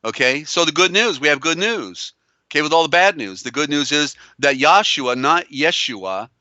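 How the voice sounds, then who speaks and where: Guy hosting a live show, keeps repeating himself, bright crisp voice, bit lo-fi. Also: a little high, lively intonation, normal speed, dry recording. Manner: emphatic, repetitive, with many fillers and restarts. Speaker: host. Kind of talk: live call-in show, reading viewer comments.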